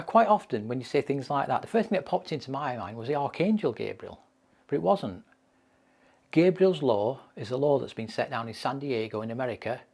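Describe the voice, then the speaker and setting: Gravelly man telling case stories. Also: mid-range voice, a little mellow. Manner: anecdotal, emphatic repetition. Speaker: mental health trainer. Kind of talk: training lecture with case stories.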